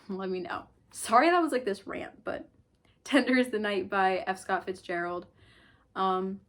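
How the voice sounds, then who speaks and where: Chatty young woman rambling about books. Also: mid-range voice. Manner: chatty, rambling, lots of likes and ums. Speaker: book vlogger. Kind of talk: casual book haul chat.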